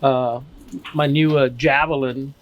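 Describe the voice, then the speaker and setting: A man's voice: medium pitch, highs cut off, slight background noise. A man hosting his own barbecue channel, talking casually and enthusiastically to viewers while cooking outdoors at a grill. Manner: slow, relaxed and enthusiastic, addressing viewers as guys. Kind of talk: casual cooking video talk to camera.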